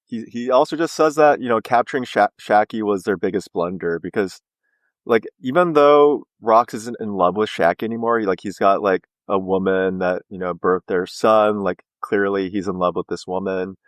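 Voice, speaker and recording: A low-voiced man co-hosts a podcast and chats through a story recap. His talk is loose and rambling, packed with "like" and "you know". The recording is dry and close. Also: moderate pace, dry recording. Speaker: podcast co-host. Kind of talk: casual recap chat.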